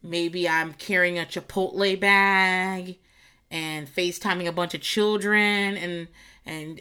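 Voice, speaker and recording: Solo podcast host, woman, bright tone, rambling and profane, quick to laugh. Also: clean tone. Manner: rambling, profane, laughs often, jumps to squealing high voices for quotes. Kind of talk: casual solo podcast rant. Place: garage.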